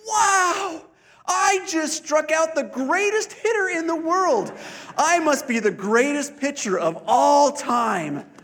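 A man's voice: very high voice, very animated, a little slow, a bit bright, pitched above the performer's own voice, exaggerated voice. A man voicing a boastful little boy playing baseball alone, exclaiming his claims proudly. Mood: delighted.

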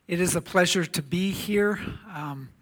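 Soft-spoken missionary man preaching. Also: sits high, slow pace. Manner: storytelling, acting out voices, soft-spoken. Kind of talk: sermon with a story and scripture reading. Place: church.

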